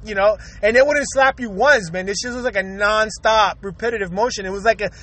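A man's voice: sits high, brisk. A man telling comic stories in a casual podcast chat, swearing freely and breaking into laughter often. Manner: profane, laughs constantly, animated and emphatic. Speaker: podcaster recalling his own episode.

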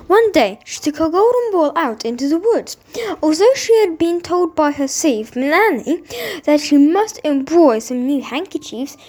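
A woman's voice: high voice, a little mellow, poor audio. A woman reading a fairy tale aloud, with an unpolished delivery full of slips and restarts. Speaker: storyteller.

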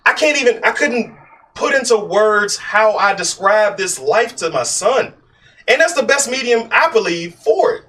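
Animated, ranting man, high lively voice. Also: a little slow, slightly rough, distant mic. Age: adult. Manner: animated, ranting, swears freely. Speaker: podcast co-host. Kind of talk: casual chat.

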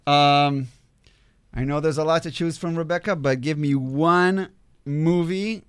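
A man's voice: on the high side, measured pace, clear, resonant tone, no echo. Man hosting a panel, dry sound. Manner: relaxed, asks questions with restarts. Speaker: host. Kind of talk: casual panel chat.

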